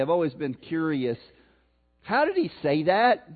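A man with a Missouri accent preaching a sermon, swinging between loud emphasis and soft, slow passages. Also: on the high side, huge pitch swings. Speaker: pastor. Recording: tinny phone-like sound.

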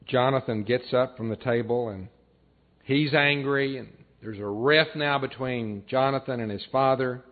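A man preaching a sermon, retelling a story in an earnest way and dropping his voice low and soft for emphasis. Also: a little slow. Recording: tinny phone-like sound.

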